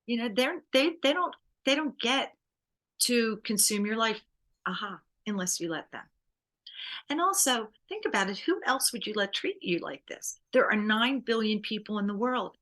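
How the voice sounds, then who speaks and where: A woman divorce coach and private investigator in a conversational interview, animated and quick to laugh. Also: fairly high pitch. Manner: animated, laughs often, acts out client quotes.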